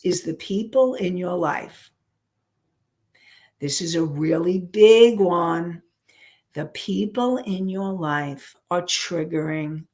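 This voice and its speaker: A woman's voice: lowish voice, gravelly. A woman counselor and life coach teaching an online class, repeating and restarting phrases as she works through an example. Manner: unhurried, repeats and restarts phrases while explaining.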